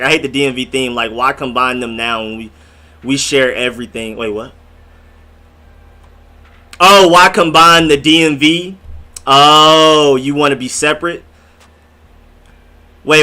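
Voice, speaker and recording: A man's voice: mid-range voice, bright, forceful tone. A young man from Atlanta hosting a casual live stream, rambling in slang and answering viewers' comments as he reads them. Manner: rambling, slangy, talks straight to the chat.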